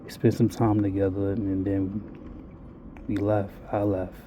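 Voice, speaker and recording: A man's voice: lowish voice, little pitch movement, measured pace, noisy background. A man telling a blunt, profane, rambling confessional monologue to his viewers. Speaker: vlogger.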